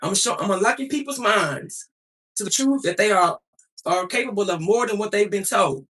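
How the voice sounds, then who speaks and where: A young adult woman on a livestream fires back at her chat in a profane, preachy, confrontational way, sounding defiant. Her medium-pitched voice is bright and sharp, her pace moderate. She sits a little back from the mic, so she sounds somewhat distant.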